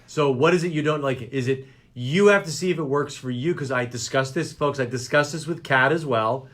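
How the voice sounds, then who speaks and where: A man's voice: medium pitch, fairly quick, a bit bright. A man hosting a local radio talk show, joking and rambling. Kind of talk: casual chat show banter.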